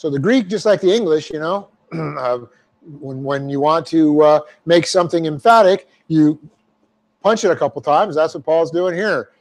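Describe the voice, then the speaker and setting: A man's voice: on the high side, normal speed. A man teaching a verse-by-verse Bible class, explaining Greek grammar step by step with folksy asides. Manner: folksy asides, repeats phrases for emphasis.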